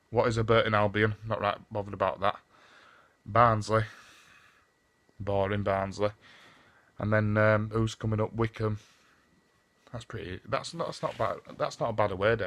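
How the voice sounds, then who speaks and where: A man's voice: on the low side, steady tone, moderate pace, pauses often, a bit bright. A man with a Northern English accent giving a casual football season review on his vlog. He talks bluntly and swears often, rambles, and keeps repeating the same stock phrases. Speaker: football fan vlogger.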